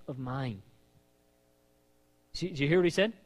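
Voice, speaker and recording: Impassioned preacher man in a reverberant hall. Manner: impassioned, reads scripture aloud with rising pitch and slowed emphasis. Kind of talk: sermon.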